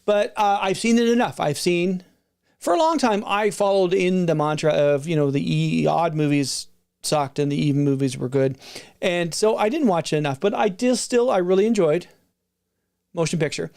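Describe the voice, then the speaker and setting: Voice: medium pitch, moderate pace, creaky, darkish tone. A middle-aged video creator chatting casually and unscripted, rambling with frequent restarts and asides. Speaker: video creator reviewing film releases.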